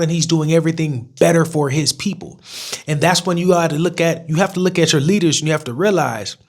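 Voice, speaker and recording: A man's voice: fairly high pitch, darkish tone. A young man ranting bluntly to camera in a casual vlog, swearing freely. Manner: blunt and profane, with mocking put-on voices. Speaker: vlogger. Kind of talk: casual opinion rant to camera.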